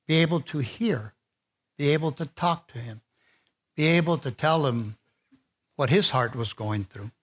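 A man's voice: mid-range voice, fairly bright tone. A man preaching a conversational sermon and speaking informally, with fillers and restarts.

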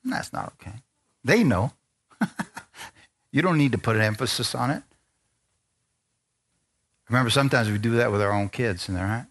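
A male pastor preaches in an easy, conversational way at a middle pitch. He keeps asking the congregation to answer him with an amen. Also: animated, normal speed, pauses often, a bit bright. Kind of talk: sermon.

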